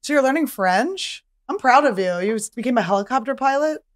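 A woman's voice: sits high, animated, a little fast, no echo, studio quality. A woman comedian hosting her podcast, chatty and self-mocking, laughing often and swearing freely. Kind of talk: casual podcast chat.

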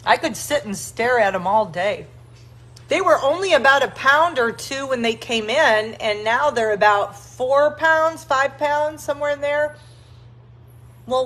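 A woman's voice: high-pitched, unhurried, a bit bright, a little hiss or hum. A woman leads a dog rescue and chats casually on a livestream, cooing doting baby talk at puppies between greetings to viewers. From South Texas. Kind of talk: casual live-stream chat.

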